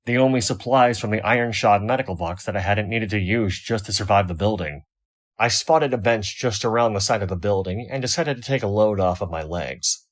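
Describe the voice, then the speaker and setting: A man reading a first-person fan fiction story aloud, wry and expressive. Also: fairly low pitch. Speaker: audiobook reader.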